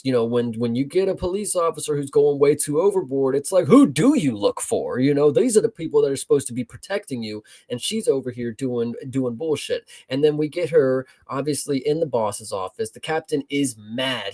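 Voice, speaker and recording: A man co-hosting a film review in a relaxed chat. His voice sits at a medium pitch, and he rambles loosely with plenty of swearing and restarts.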